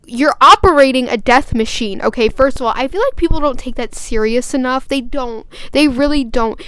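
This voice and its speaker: A woman's voice: sits high, fast talker, few pauses, a bit bright, smooth, no echo. A young woman vlogger telling a story and ranting in a chatty, rambling way with lots of fillers. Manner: grows agitated and emphatic. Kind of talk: casual storytime rant.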